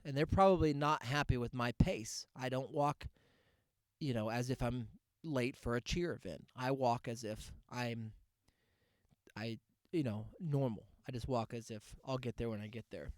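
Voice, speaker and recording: A man's voice: medium pitch, normal speed, no echo, studio quality. A man hosting his podcast, telling a ranting, sarcastic comic story. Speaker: podcast host. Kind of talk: comedic podcast monologue.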